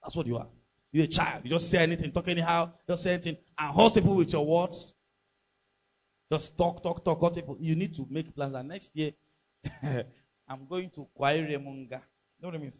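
Pastor, emphatic sermon, husky voice, muffled lo-fi recording. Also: male voice, on the high side, a little fast. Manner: emphatic, preaching with rhetorical questions to the congregation.

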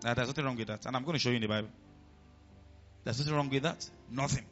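A man with a Nigerian accent preaching a sermon as pastor, animated and often asking the congregation questions. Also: mid-range voice, quick pace, muffled recording, faint music behind.

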